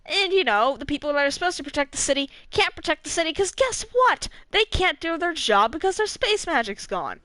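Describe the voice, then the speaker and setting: A young woman streamer recapping a game story in casual, animated talk, swearing freely and laughing between lines. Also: high voice, a little fast, hardly any pauses, no room sound. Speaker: gaming streamer.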